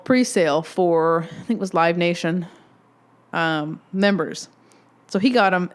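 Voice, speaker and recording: A young woman in her twenties tells a long, excitable story on her solo podcast. Her voice is smooth and clean, and she rambles from one thing to the next with a fan's enthusiasm. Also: lowish voice. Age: 20s. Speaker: podcast host.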